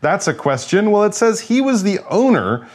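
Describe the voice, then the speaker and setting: A man's voice: high voice, very animated, normal speed. A man co-hosting an English lesson show, explaining vocabulary in a playful, teacherly way.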